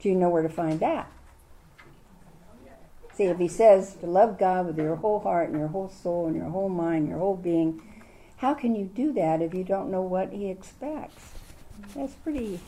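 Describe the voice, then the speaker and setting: A woman's voice: mid-range voice, warm tone, a little hiss or hum. Older woman teaching a Bible class. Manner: chatty, asks the listeners many questions. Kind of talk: Bible study lesson.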